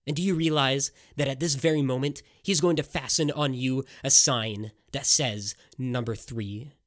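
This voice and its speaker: A man's voice: medium pitch, moderate pace, no echo, studio quality, close to an everyday voice. A man voicing a vengeful masked male stranger who lays out his crimes in a relentless, accusing voice.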